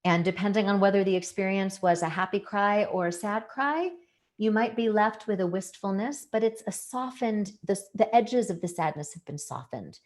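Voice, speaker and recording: A woman's voice: mid-range voice, normal speed, darkish tone. A woman giving an educational talk, explaining things earnestly and leaning on key words for emphasis. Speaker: presenter.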